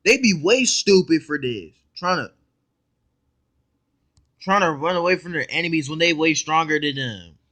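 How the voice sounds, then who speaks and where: High, lively-voiced excitable man reacting. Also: moderate pace, long pauses. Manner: excitable, blunt and profane, keeps interrupting with "hold up"; slangy, talks straight to viewers. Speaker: reaction video host. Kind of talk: casual reaction commentary.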